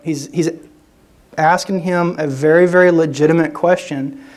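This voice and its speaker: A man's voice: a little high, fairly even intonation, normal speed, a little mellow. A man giving a sermon as a guest speaker, talking conversationally, often restarting phrases and checking in with the listeners. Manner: conversational preaching with frequent "right?" tags and restarts.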